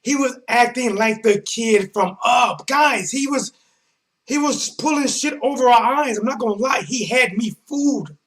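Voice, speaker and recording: A man hosting a casual sports live stream, talking in animated, slangy bursts that swing between mumbling and shouting. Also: extremely high pitch, a little slow. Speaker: sports vlog host.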